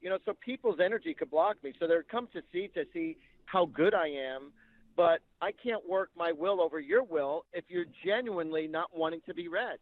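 A man's voice: fairly high pitch, moderate pace, dry recording. Tinny-sounding man telling psychic stories. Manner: animated anecdotal storytelling, acts out quotes. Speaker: psychic medium guest. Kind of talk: storytelling interview. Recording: tinny phone-like line.

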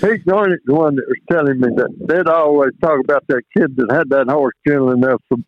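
A man's voice: on the high side, brisk, no room sound. An older man with a drawl, telling rambling, folksy rodeo stories as an interview guest. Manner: drawling, rambling, with many "and, uh" restarts. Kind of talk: folksy storytelling. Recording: tinny phone line with faint noise.

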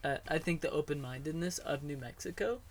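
A man interviewing, thinking out loud, searching for words and often restarting his sentences. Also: on the high side, a little fast, a little hiss or hum. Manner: thoughtful, searching for words, repeats himself. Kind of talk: casual conversation.

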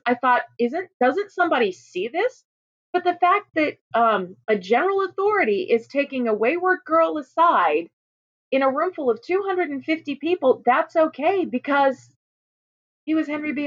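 A woman in her fifties from Utah, earnestly telling her own story as an interview guest, emphatic and often restarting her sentences. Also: high voice. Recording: muffled lo-fi audio.

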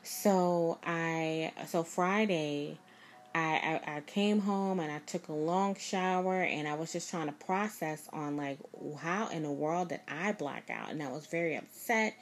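Low-voiced woman telling a rambling story. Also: a little slow, slight background noise. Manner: rambling, emphatic, repeats herself. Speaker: vlogger. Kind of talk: casual personal storytelling.

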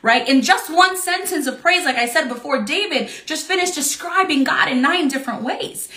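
An earnest woman teaching from the Bible in a devotional talk, expressive and given to repeating phrases. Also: sits high, reverberant.

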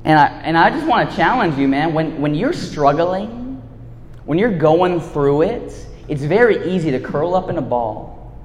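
A man's voice: on the high side, sing-song, a little slow. Slangy preacher man in an echoey hall. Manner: laid-back, slangy, swings between hushed and loud. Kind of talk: casual sermon.

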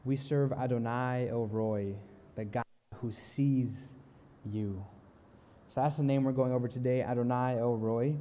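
A young man preaching a sermon, telling a story in a calm, earnest way and slowing down softly on key lines. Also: mid-range voice, in a large hall, a little hiss or hum. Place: church sanctuary.

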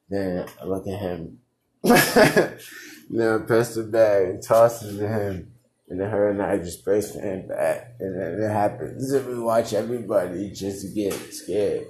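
A man's voice: lowish voice, slow, a little mellow, roomy sound, a little hiss or hum. A young man hosting his own podcast, rambling and swearing, laughing often, and saying he is drunk. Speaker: podcast host. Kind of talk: casual solo podcast rambling.

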